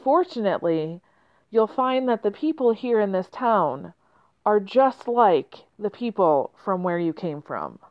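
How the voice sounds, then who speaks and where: A woman telling of a calm, wise old man. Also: medium pitch. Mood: knowing. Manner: measured, sits back before answering. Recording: slightly muffled lo-fi.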